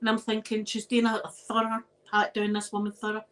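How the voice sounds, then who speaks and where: A Scottish woman, host of her own channel, telling personal stories in a chatty, animated way and laughing often. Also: mid-range voice, a little fast, low-quality recording. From Scotland. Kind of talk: casual storytelling chat.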